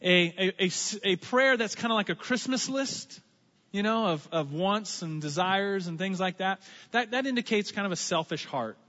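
A man preaching a sermon as pastor, conversational and animated, with asides and playful impressions. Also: sits high, moderate pace. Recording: muffled sound with long hall reverb.

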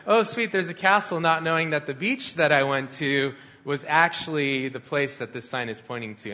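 A man preaching a sermon with a bright, somewhat higher voice. He talks conversationally and slips into lively quoted voices as he tells a story. The sound is a little dull and lo-fi. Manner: storytelling, conversational, animated quoting. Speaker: pastor.

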